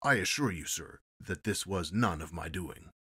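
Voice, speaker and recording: A man voicing a stern ship's captain who speaks gruffly and defensively. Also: low-pitched, lively intonation, normal speed, bright, forceful tone, exaggerated voice.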